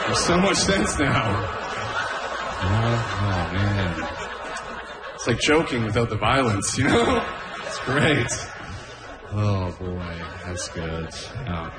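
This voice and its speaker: A man's voice: fairly low pitch, unhurried, roomy sound, heavy background noise. A man from Canada performing a stand-up comedy set, laughing at his own jokes and often saying "oh, man".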